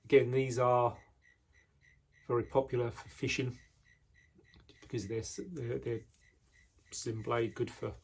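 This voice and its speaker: A male craftsman walks through his handmade knives in a laid-back, unhurried way, pausing often with ums and restarting his sentences. His voice sits at an ordinary middle pitch for a man. He is talking indoors in his workshop. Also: level tone, vocal fry, a little mellow, breathy edge. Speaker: knife maker. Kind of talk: casual product walkthrough.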